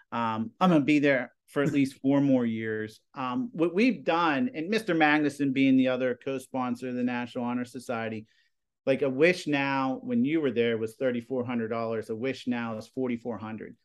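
A man in his forties, a high school TV production teacher, telling stories in a casual interview with lots of fillers. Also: fairly even intonation, normal speed. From Pennsylvania. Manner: rambling, filler-heavy storytelling with lots of "you know" and "like".

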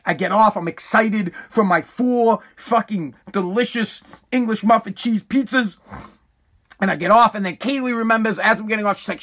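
Middle-aged guy with a high voice, ranting and cussing, gets loud and worked up. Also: normal speed. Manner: animated, profane, rising to shouting. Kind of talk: profane comedic rant.

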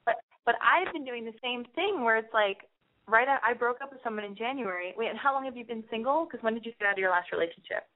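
Young woman, podcast host, chatty, candid, animated storyteller, narrow phone-like sound. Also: on the high side, quick pace. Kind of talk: podcast call-in chat.

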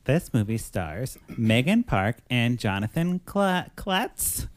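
A man's voice: medium pitch, sing-song, slow. Chatty guy retelling a movie plot on a podcast, loose and jokey. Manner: chatty storyteller, laughs often. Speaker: podcast co-host. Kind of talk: casual movie recap chat.

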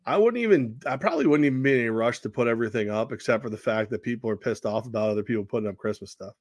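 A man's voice: medium pitch, rapid-fire, no echo, clean studio sound. Blunt, crude-joking male co-host. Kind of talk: casual sports talk.

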